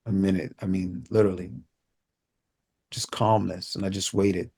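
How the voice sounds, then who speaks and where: An inspirational speaker, a man, recounts a personal story with vivid detail, acting out people's words in street slang. His tone stays level and his pace moderate, with a creaky, slightly rough voice that sinks low and quiet at solemn moments.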